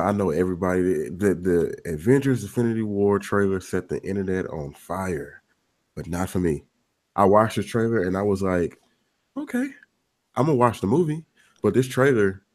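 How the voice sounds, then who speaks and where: A man's voice: low voice, moderate pace, darkish tone. A man co-hosting a casual gaming podcast, giving blunt, opinionated takes. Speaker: podcast co-host.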